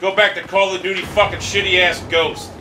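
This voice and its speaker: Streaming gameplay, this man swears without letup and complains angrily, clearly exasperated. His pitch sits high, his delivery is flat, and he talks at a normal speed. Game noise is loud, and the distant mic makes the room sound roomy.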